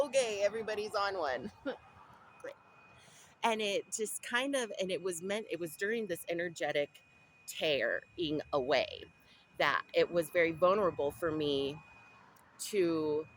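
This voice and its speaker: A woman from Southern California shares a casual spiritual diary, rambling and restarting as she talks. Her voice sits low, with a faint hiss of noise behind it. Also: a bit bright, low-quality recording. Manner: rambling, with many restarts and asides. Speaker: vlogger.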